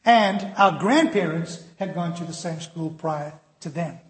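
A high-voiced pastor delivers a sermon to his congregation at an unhurried pace, earnest and direct. He shifts into quoted voices to make his points, and the sound echoes as in a large hall.

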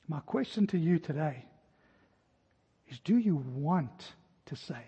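A man preaching a sermon as pastor, telling stories and dropping his voice to a hush at key points. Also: fairly high pitch, expressive, slow pace, pauses often, slightly rough. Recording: dull sound with long hall reverb.

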